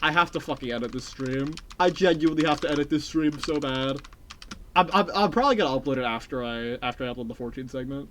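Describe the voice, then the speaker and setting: A game streamer chatting live with viewers, rambling and excitable, repeating phrases and swearing casually. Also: medium pitch, brisk, slight background noise. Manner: talks to chat and repeats phrases. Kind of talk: casual live-stream chat while playing.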